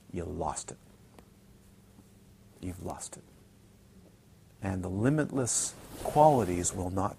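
A man teaching a dharma talk to retreat students, playful and animated, repeating words for emphasis and mimicking his students. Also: on the low side, slight background noise. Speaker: Buddhist teacher. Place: retreat centre teaching hall.

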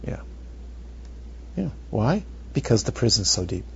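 A male meditation teacher giving a dharma talk, animated and rhetorical, sometimes dropping to near whispers, on a muffled recording. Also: mid-range voice, measured pace, vocal fry. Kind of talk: dharma talk to retreat students. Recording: muffled lo-fi recording with faint noise.

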